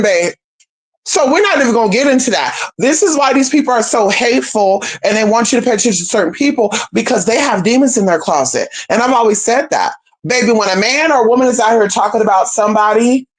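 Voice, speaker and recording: A woman's voice: on the high side, very animated, quick pace. A woman hosting a livestream, talking straight to viewers in a sassy, emphatic, swearing monologue, calling them girl and babe. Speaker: livestream host.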